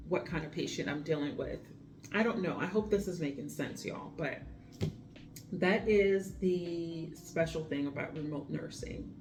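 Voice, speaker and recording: Chatty woman nurse vlogging, low voice. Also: a little mellow. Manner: chatty, addresses viewers as y'all. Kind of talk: casual vlog storytelling. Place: home. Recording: echoey room with faint music.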